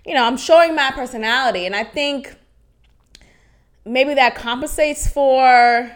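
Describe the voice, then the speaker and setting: A young Haitian woman hosts a podcast, her voice sitting high and her pace a little slow. In a candid personal monologue she talks frankly and animatedly about her life, laughing often and swearing freely.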